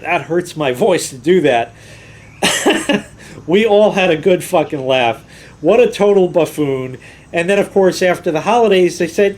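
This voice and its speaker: A man's voice: sits high, animated, measured pace, a little mellow. A middle-aged man hosting his own channel, telling a workplace story in a loose, casual way and swearing freely. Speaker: host.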